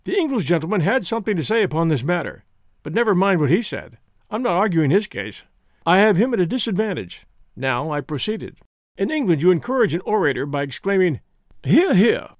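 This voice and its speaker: A man reads a classic essay aloud in a measured, dry manner. His voice sits high and moves with lively, animated pitch. The recording is close and dry, with no room sound. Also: dry recording. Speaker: narrator reading a classic essay. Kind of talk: scripted narration.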